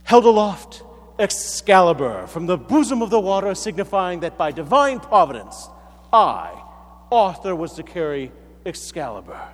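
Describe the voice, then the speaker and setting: A man voicing a solemn legendary king in a put-on British accent, with a stately, drawn-out delivery. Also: high voice, sing-song. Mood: lofty. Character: solemn legendary male king, grand and lofty. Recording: echoey hall.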